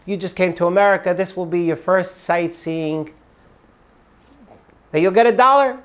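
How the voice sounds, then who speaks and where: A man's voice: sits high, moderate pace, a bit bright. A man voicing an emotional elderly grandfather who speaks earnestly in a told story.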